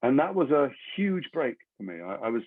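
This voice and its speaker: An English actor being interviewed, telling long rambling anecdotes with self-deprecating humor. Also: male voice, medium pitch, big pitch swings, normal speed, husky, dry recording. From England. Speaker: actor guest. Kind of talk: interview storytelling. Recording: tinny phone-like line, dry.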